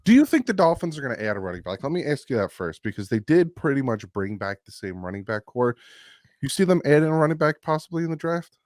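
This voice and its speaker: A man's voice: mid-range voice, sing-song, fast talker, a little mellow, no echo, studio quality. A young man with a New Jersey accent and a congested, sick voice, rambling casually as a sports talk host. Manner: rambling, self-interrupting.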